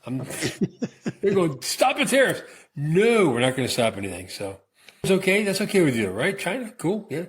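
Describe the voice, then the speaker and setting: A man's voice: a little high, very animated, normal speed. Joking middle-aged American man co-hosting. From United States. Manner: blunt, joking, trails off and repeats words. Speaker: radio podcast co-host. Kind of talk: casual banter.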